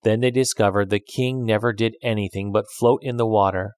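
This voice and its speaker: A man reading a children's fable aloud, with an expressive storytelling delivery. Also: lowish voice, brisk, no room sound, clean studio sound.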